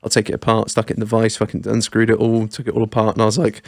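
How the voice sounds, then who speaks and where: A man's voice: on the low side, monotone, racing, vocal fry, dry recording, studio quality. A man co-hosting a casual podcast, swearing freely, laughing often and rambling through stories. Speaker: podcast co-host.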